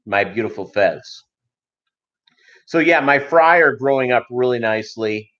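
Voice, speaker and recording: This aquarium livestream host is a middle-aged man whose mid-range, slightly bright voice is expressive and measured in pace. Rambling and jokey, he fills his casual chat and stories with lots of fillers, heard through slightly dull, lo-fi stream sound.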